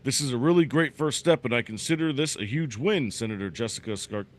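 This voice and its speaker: A man's voice: medium pitch, fairly quick. A man hosting a live talk show, reading a news story with wry asides. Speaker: show host. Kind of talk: casual live show chat.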